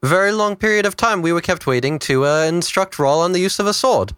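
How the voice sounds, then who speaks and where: A man's voice: high voice, expressive, brisk, fairly bright tone, smooth, no room sound, studio quality. A man playing a tabletop game, talking politely and matter-of-factly. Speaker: player. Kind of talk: casual tabletop play.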